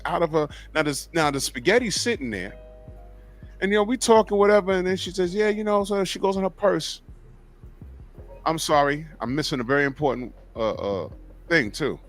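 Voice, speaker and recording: A middle-aged man hosts a podcast chat and spins a profane, animated story. His voice sits a little high and rings bright. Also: moderate pace, pauses often, faint music behind. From New York. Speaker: podcast host. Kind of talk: casual chat.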